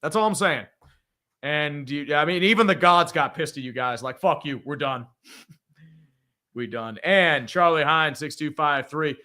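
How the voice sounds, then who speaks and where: A man hosts a live reaction stream and talks in a blunt, profane, opinionated way. His voice sits a little high for a man and has a bright, forceful edge. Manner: blunt and profane, quick opinions, frequent laughs. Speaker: livestream host reading viewer donations.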